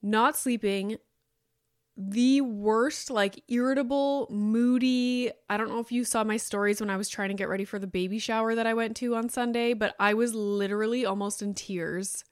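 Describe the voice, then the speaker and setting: A woman's voice: on the high side, fairly even intonation, moderate pace, few pauses, clean tone, dry recording, clean studio sound. A woman in her thirties hosting a podcast alone, talking in a candid, rambling way with lots of fillers. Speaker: podcast host. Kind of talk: casual solo podcast chat.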